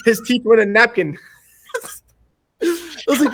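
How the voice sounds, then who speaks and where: A man with a high voice tells a casual story as a podcast guest. He slips into quick impressions of the people involved and breaks into laughter between lines. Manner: animated anecdotes, acting out other people's lines and laughing often. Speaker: martial arts instructor, podcast guest.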